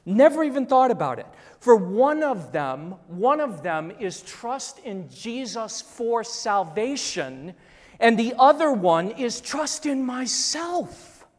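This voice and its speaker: A pastor in their fifties preaching a sermon emphatically, repeating phrases and dropping to a hush on key words. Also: mid-range voice, very animated, slow pace. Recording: long hall reverb.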